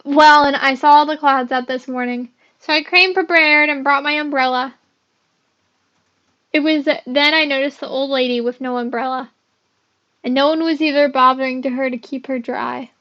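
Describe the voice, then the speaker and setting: A girl reading a visual novel aloud and voicing its gentle heroine in a soothing way. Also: high-pitched, fairly even intonation, normal speed, lo-fi sound. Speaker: video game player.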